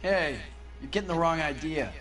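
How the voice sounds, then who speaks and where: A man's voice: fairly high pitch, moderate pace, a bit bright, soft background music, lightly acted. An actor playing a wary, evasive male fruit-stand owner in a video game, answering in a defensive, guarded way. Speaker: game character.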